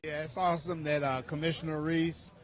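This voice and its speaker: A man's voice: on the high side, level tone, brisk. A man interviewed outdoors, speaking in an admiring, enthusiastic way. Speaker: interview guest.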